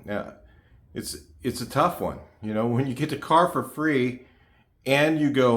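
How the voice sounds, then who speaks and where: A man's voice: medium pitch, measured pace, fairly bright tone. A man in his sixties chatting casually to his viewers, rambling with lots of fillers and restarts. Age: 60s. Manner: chatty, repeats himself, frequent fillers and restarts. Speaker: car channel host. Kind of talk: casual rambling talk to camera. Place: home garage.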